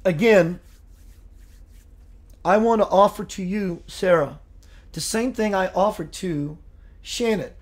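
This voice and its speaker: A man hosting a live spiritual show, speaking in a gentle, earnest and meditative way and answering viewer comments. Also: sits high, slow pace, long pauses.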